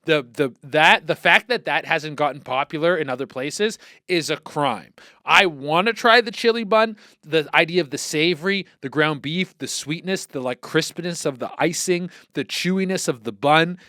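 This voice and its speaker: A male podcast host ranting comedically with heavy swearing, animated and exclamatory. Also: fairly high pitch, normal speed, few pauses, dry recording, clean studio sound. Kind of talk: profane comedic rant.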